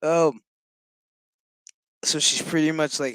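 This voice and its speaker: A man's voice: mid-range voice, animated, takes it slowly, a bit bright, clear, resonant tone, dry recording. A man giving a casual, profane, sarcastic recap of a TV episode. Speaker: show reviewer.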